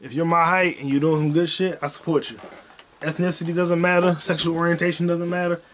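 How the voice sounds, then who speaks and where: A man's voice: a little high, flat delivery, fairly quick, fairly bright tone, slight background noise. A young man hosting his own podcast, telling loose, profane stories and repeating his punchlines. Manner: loose, profane, repetitive storytelling. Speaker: podcast host. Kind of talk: solo comedic podcast monologue.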